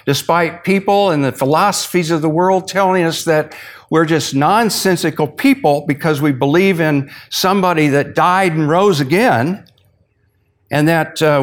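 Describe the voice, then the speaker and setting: A man leads an evening Bible study in a sermon style, his voice sitting a little high. He talks in a folksy, relaxed way and drags out key phrases for weight. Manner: folksy, uses sports stories to illustrate points.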